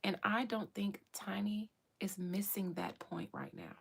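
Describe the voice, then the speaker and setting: A woman's voice: mid-range voice, fairly even intonation, measured pace, vocal fry, fairly bright tone, slightly rough. A woman hosting a livestream, giving chatty commentary and often dropping into whispered asides. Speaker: livestream host. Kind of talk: casual commentary.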